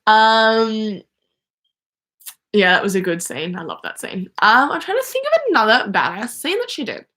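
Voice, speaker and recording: Young woman livestream host, bright voice, excitable fan rambling. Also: mid-range voice, moderate pace. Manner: chatty, gushing, many fillers and restarts. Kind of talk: casual fan chat. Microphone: phone or webcam.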